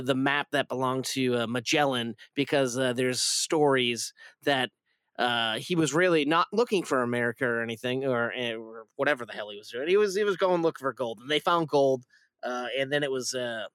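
A man's voice: mid-range voice, normal speed, a bit bright, smooth, no echo, clean studio sound. Rambling male film podcast host. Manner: rambling, many fillers and restarts. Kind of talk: casual film review chat.

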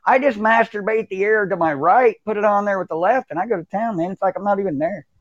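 A man in his forties guests on a podcast, trading blunt, crude jokes. His voice sits high, and the sound is a little dull and muffled, dry with no room echo. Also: fast. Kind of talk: casual chat.

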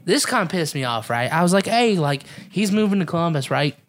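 A man's voice: fairly high pitch, fairly quick. A man co-hosting a casual podcast, his voice swinging widely up and down as he jokes. He laughs a lot and acts out what his friends said to him. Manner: animated, profane, laughing, mimics friends. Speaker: podcast co-host.

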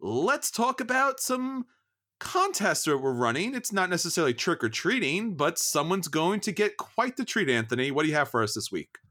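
A male podcast co-host chatting in a joking, animated way. His voice is bright and forceful, set a little high, and it moves through a wide range. Faint music plays behind him. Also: moderate pace. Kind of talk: casual chat.

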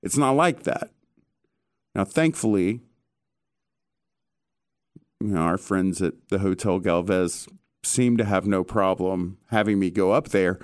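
A man hosting a casual chat, telling stories in an animated way with casual swearing. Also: sits low, a little slow, pauses often, no echo, clean studio sound.

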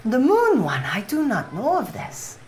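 Fervent cow-creature street preacher played by a woman, high and loud, put-on accent, solemn sing-song delivery for a tabletop game. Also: huge pitch swings, unhurried, slight background noise. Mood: preaching. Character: zealous female cow-like Bohan street preacher.

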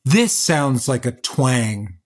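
A man's voice: medium pitch, big pitch swings, takes it slowly. A man hosting an interview, asking curious, probing questions about music. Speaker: interview host.

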